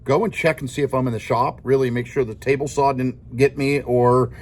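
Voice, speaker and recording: A man's voice: mid-range voice, steady tone, brisk. A middle-aged man, a teacher, giving his class a rambling, informal talk, often chuckling and checking in with "okay?".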